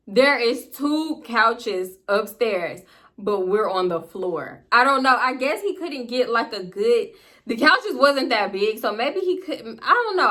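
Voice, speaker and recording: A young woman spins a personal story for her viewers in African American Vernacular English. She is animated and laughs often, then drops low and hushed for the awkward parts. Her pitch sits mid-range for a woman. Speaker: storytime vlogger. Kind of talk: casual storytelling to camera.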